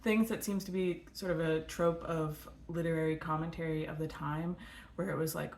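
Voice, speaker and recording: A woman's voice: fairly low pitch, fairly even intonation, normal speed. A woman co-hosting a casual book chat, upbeat and sprinkled with fillers. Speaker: co-host of a book channel. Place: United States. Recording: echoey room.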